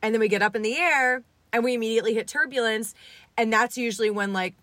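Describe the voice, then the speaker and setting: Young woman, higher voice, animated storytelling, mimics other people, dry recording. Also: fast, dry recording. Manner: animated, acts out quoted voices. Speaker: guest, essay writer. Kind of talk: storytelling in a casual interview.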